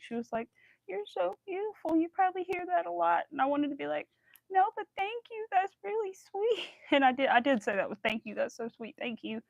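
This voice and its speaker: A woman's voice: mid-range voice, dry recording, poor audio. Chatty woman crafting on a livestream. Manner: chatty, bubbly, rambling with many likes and ums. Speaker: crochet livestream host. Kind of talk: casual chat while crocheting.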